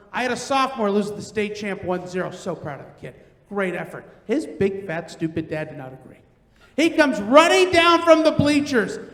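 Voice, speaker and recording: A middle-aged man performing a stand-up comedy set, telling loud, animated stories and acting out the quotes. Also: very high voice. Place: large theater stage. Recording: roomy theater with long reverb.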